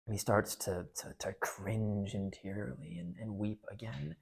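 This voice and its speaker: A man's voice: on the low side, measured pace, creaky, darkish tone, slightly rough. A man giving a casual talk that retells and analyzes a book, speaking conversationally with frequent restarts. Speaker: parish speaker on literature.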